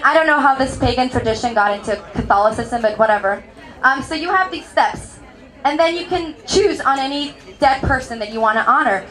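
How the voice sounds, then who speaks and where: In front of a live crowd at a comedy club, a young comedian from Mexico pokes fun at herself in a high, lilting voice, chuckling as she lands each punchline. The audience's laughter and murmuring can be heard throughout.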